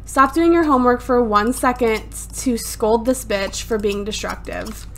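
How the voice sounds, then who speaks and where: A woman's voice: on the high side, unhurried, fairly bright tone, a little hiss or hum. A woman giving casual, swear-heavy commentary over her life-simulation gameplay. She sounds exasperated and laughs often, recorded at home on a desktop USB microphone. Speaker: let's play gamer.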